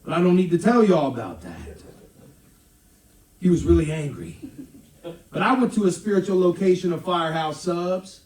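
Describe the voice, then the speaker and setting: A man's voice: sits high, lively intonation, moderate pace, long pauses, darkish tone. A man telling a rambling, profane, exaggerated story live on stage between songs. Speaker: comedic storyteller and musician. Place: live music venue. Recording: echoey live room from far off, guitar.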